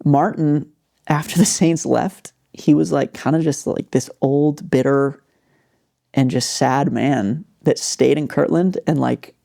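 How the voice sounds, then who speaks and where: Gravelly, dark-voiced man telling a story. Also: fairly high pitch, slow pace. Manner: animated, filler-heavy storytelling. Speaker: podcast host. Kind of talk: casual storytelling.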